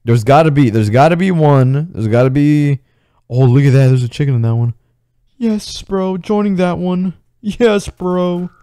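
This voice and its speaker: A young man streaming a video game, reacting loudly with shouts, gasps and swearing. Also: on the high side, moderate pace, smooth, no room sound, studio quality. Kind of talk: live game commentary.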